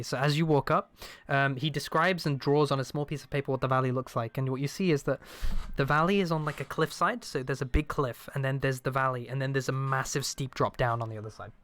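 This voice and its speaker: A man narrating a tabletop game as game master in a relaxed way, with many fillers and restarts. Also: medium pitch, fairly quick, hardly any pauses.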